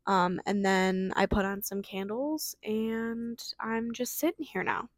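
Young woman, solo podcast host; fast, filler-heavy casual chat; dry close mic, mid pitch. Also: steady tone, no room sound. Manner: fast, chatty, lots of fillers.

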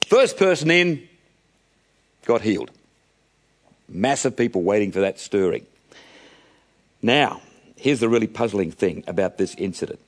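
Preacher man in a dramatic sermon. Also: mid-range voice. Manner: dramatic, acts out voices of Bible characters; addresses listeners as friends.

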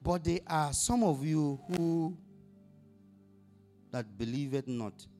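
A man's voice: a little high, slow pace, warm tone, faint music behind. A male pastor preaching a sermon, asking the congregation questions and rising to emphatic bursts on scripture.

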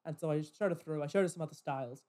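This podcast host's voice runs on the high side, and he talks very fast over poor audio. In a casual, animated chat he recounts a rude customer story, cursing and putting on voices to replay what people said.

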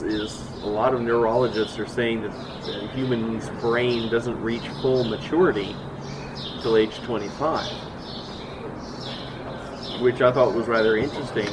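A man co-hosting a casual talk show, speaking calmly with dry remarks and long explanations. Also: lowish voice, background noise. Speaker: podcast co-host. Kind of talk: casual chat.

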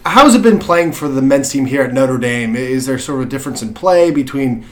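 A man's voice: medium pitch, expressive, brisk. A man co-hosting a talk radio show, bantering with dry, wry quips. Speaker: radio co-host.

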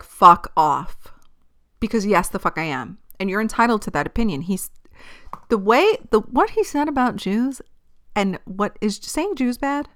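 A bright, smooth-voiced woman talks through her solo podcast in loose, casual chat. She swears freely, laughs a lot and sometimes drops to a whisper. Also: mid-range voice. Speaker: podcast host. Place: filmed at home while recording.

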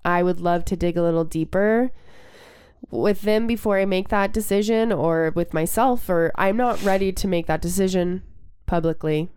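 A woman's voice: fairly low pitch, moderate pace, a little mellow, smooth. A young woman co-hosting a casual podcast, talking candidly, swearing freely and full of fillers and restarts. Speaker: podcast co-host.

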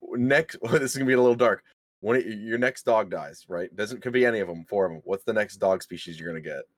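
A man's voice: lowish voice, fast talker, no echo. A young man co-hosting a live podcast stream, teasing a friend and giving play-by-play of his reactions. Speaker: podcast co-host. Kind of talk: casual live-stream banter.

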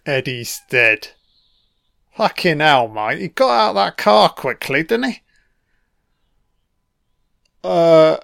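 A man's voice: on the high side, lively intonation, takes it slowly, vocal fry, long pauses, a bit bright, no room sound, studio quality. A man giving casual, sweary film commentary, sardonic and mocking.

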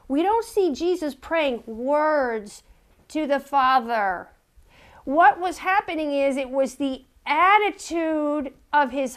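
A woman preaching a sermon in an earnest way, often repeating words as she searches for them and asking her listeners direct questions. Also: high voice.

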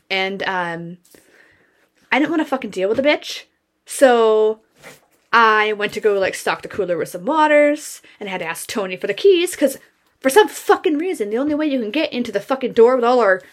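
A young woman podcast co-host telling a work story in casual chat, blunt and swearing constantly as she vents. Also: a little high. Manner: heavy swearing, blunt and venting.

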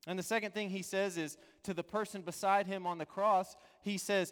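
Man, pastor, sermon, earnest, pleading, loud to hushed, slightly high voice. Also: moderate pace, few pauses, clear, resonant tone, in a large hall.

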